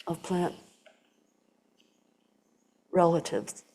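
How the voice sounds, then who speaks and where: An older woman tells a personal story to a gathered audience, in a low and mellow voice. She acts out the voices of the people she quotes, and now and then drops to a whisper. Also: fairly even intonation, unhurried. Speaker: Zen teacher giving a talk. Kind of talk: storytelling dharma talk.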